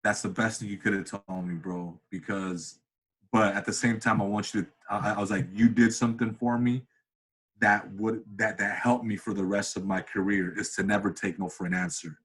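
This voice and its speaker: A man's voice: moderate pace, breathy edge. A man in his thirties, an interview guest, telling a story in a casual way and acting out the voices of the people in it. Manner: animated, acts out quoted voices with big pitch jumps. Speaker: interview guest, comedian and cinematographer.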